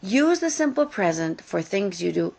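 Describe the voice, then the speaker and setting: A woman teaching English grammar in a recorded lesson, speaking deliberately and repeating key words for emphasis. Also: medium pitch, big pitch swings, creaky, a little mellow.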